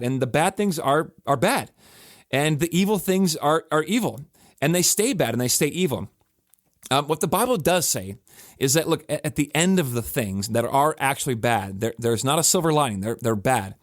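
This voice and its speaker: A man of middle pitch speaks as a pastor looking back on a sermon, his talk casual and earnest. He doubles back on words to press a point home. The sound is close and dry, with no room echo. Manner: earnest and conversational, with emphatic restarts. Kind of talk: reflective podcast talk.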